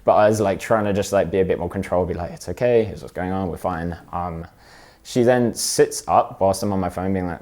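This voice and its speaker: A young man and podcast guest telling a story in candid, halting casual chat, acting out the lines he quotes. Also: deep voice, a little mellow.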